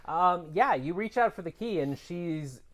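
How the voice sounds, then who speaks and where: A woman game master narrates a tabletop game in a chatty, rambling way, full of fillers. Her voice is low but very lively in pitch. She sounds loose and conversational. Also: measured pace.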